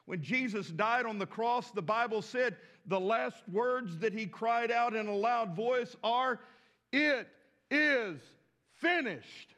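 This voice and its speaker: A pastor from the States, preaching a sermon with emphatic rises and repeated words. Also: male voice, very high-pitched, a little slow, few pauses, fairly bright tone. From southern United States.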